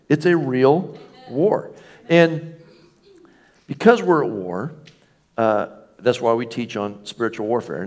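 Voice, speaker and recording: A middle-aged man preaching a sermon as a pastor, animated and conversational, acting out little scenes with jokey asides. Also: mid-range voice.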